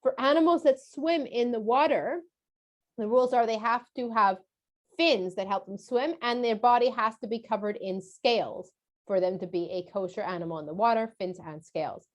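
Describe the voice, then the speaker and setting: A woman's voice: on the high side, normal speed. A woman teaching a casual lesson for kids, chatty and explanatory with frequent filler sounds.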